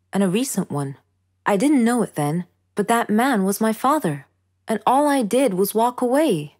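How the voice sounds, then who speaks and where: A woman with a mid-pitched voice narrates a first-person story. Her delivery is calm and measured, in a scripted storytelling style.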